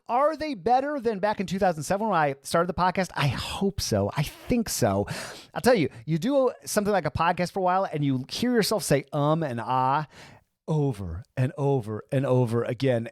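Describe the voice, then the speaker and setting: A male podcast host with a higher-than-usual voice that swings widely as he chats. He rambles through a self-deprecating outro at a brisk, caffeinated clip. The sound is dry and close. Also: no echo. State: fast-talking, over-caffeinated. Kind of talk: casual podcast outro monologue.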